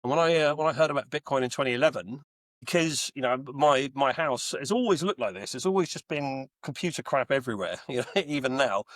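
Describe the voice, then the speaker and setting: Speaking a little fast in a mid-range voice, a man in his forties from Texas chats as a podcast guest about life as a home Bitcoin miner. The interview is casual, and he's an animated storyteller who leans on fillers and often restarts sentences. No echo is present.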